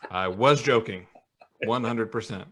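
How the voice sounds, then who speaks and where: A man co-hosting a casual podcast happy hour, reading out viewer comments in a relaxed, halting way with plenty of fillers. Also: fairly low pitch, noisy background. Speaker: podcast co-host. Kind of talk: casual live-stream chat.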